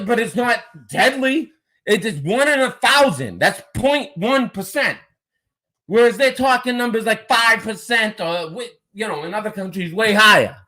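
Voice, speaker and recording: A man's voice: sits high, a bit bright, low-quality recording. A male livestream host delivering an angry, profane, confrontational rant straight at a viewer.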